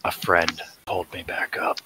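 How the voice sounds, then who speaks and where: A man voicing a tired, undead bird-man character in a tabletop game, quiet and flat. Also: moderate pace, a little hiss or hum. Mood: weary. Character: weary undead bird-man, many-eyed and calm.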